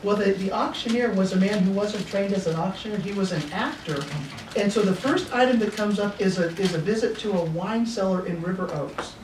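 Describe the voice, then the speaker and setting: A man's voice: high voice, brisk. A middle-aged man and pastor telling homespun stories at a seminar, often chuckling as he goes. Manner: folksy, chuckling storyteller. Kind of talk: storytelling seminar talk. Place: seminar room. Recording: echoey room from a distance, noisy.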